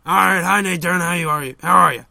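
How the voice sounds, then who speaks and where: A man doing an impression of an older male call-in radio host, slow and drawling, handing out random advice. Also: high voice, creaky, sharp tone, dry recording, heavily acted. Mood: droning. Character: older male talk-show host, rambling. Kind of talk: comedic impression sketch.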